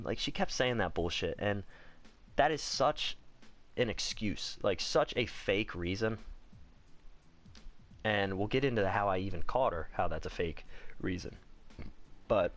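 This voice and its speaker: A young man with a lowish voice tells a personal story in a relaxed storytime vlog. He talks candidly and rambles, swearing freely and saying "like" a lot. Faint music plays behind him. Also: measured pace, pauses often. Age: young adult. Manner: candid, profane, rambling, heavy on "like".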